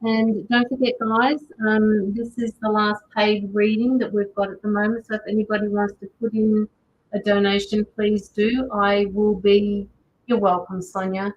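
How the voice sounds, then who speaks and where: A woman's voice: medium pitch, level tone, moderate pace, lo-fi sound. An Australian woman hosts a tarot reading livestream from home. She chats casually in a mid-range voice, greeting viewers by name and reading out their comments. A faint hum sits behind her. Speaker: tarot reader and livestream host.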